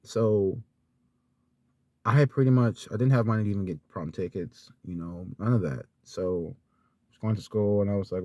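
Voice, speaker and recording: A man's voice: fairly low pitch, normal speed, darkish tone, no room sound. A young man telling a personal story in a vlog. He is sincere and rambling, with lots of fillers, and close to tears at times. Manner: rambling and heartfelt, with many fillers and restarts. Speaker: vlogger.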